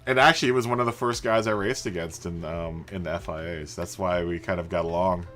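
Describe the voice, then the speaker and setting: A man with a low, bright, forceful voice chats easily with his live stream viewers. He greets people by name and laughs a lot. Faint music plays underneath. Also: quick pace. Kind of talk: casual live stream chat. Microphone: studio microphone through a mixer.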